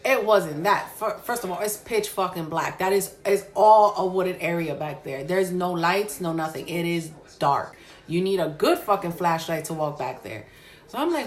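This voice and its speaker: A woman's voice: on the low side, normal speed. Foul-mouthed woman telling a spooky story. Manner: profane, animated storytelling. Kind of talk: casual storytime.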